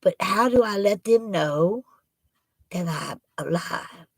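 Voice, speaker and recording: A woman's voice: mid-range voice, expressive, slow, creaky, dry recording. A woman hosting a casual live stream. She rambles in a folksy way and talks straight to her chat from a laptop at home. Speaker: livestream host. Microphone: laptop microphone.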